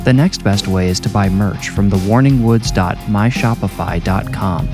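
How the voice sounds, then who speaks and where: Low-voiced man narrating horror. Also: music in the background. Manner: measured, grave storytelling. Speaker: horror podcast narrator and host. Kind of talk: scripted first-person horror narration.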